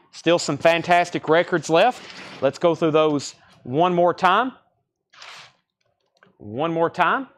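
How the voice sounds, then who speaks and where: A man running a live-stream record sale from behind a shop counter. He reels off album titles and prices in a quick, matter-of-fact patter and says them twice. His voice sits a little high for a man. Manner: brisk, repeats titles and prices. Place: record store.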